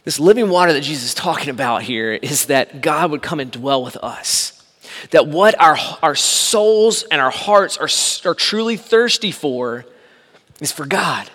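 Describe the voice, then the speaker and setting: A man preaches in a relaxed, conversational way, one moment driving a point home with force, the next dropping to a quiet aside. His voice sits a little higher than most men's. A long reverb trails every phrase, as in a large church sanctuary. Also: unhurried. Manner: conversational preaching that swings between loud emphasis and quiet asides. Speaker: pastor. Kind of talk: sermon. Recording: long echo of a large hall.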